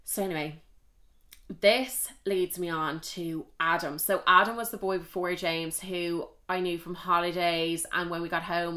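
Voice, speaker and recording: A young Irish woman hosts a podcast, speaking in a lowish voice with steady intonation and a measured pace; her tone is bright and forceful. She tells personal stories in a candid, chatty, confessional way and swears freely.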